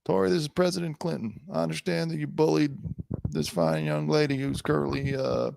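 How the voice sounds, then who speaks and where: A man putting on the voice of an older male president, talking in a soft, sly, mock-presidential way. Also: a little high, level tone, a little fast, creaky, no room sound, voice pushed up. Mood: smarmy.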